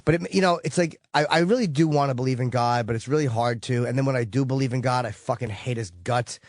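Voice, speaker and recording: A tired, cranky host with a New York accent runs a call-in show, ranting bluntly and cursing a lot. He talks fast at medium pitch, and the studio recording is clean and dry.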